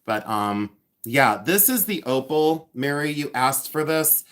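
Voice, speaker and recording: This man in his fifties hosts a casual livestream, chatting live with a medium-pitched, expressive, unhurried voice that has a fairly bright tone. He's playful and self-mocking, teasing viewers by name, joking about himself, and humming and scatting tunes.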